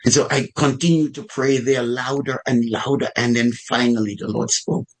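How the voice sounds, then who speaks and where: Guy preaching, fired up and telling a story, repeats himself for emphasis, mid pitch. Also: fairly even intonation, normal speed, rough recording. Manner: fervent, repeats phrases for emphasis. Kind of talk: sermon storytelling.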